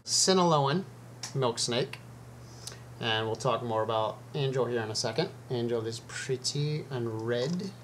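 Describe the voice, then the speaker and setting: A man of ordinary, mid-range pitch talking to camera about snakes in a relaxed, chatty way, often pausing on ums and uhs. A faint hum sits under his voice. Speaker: snake educator and video host. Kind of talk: casual educational talk to camera.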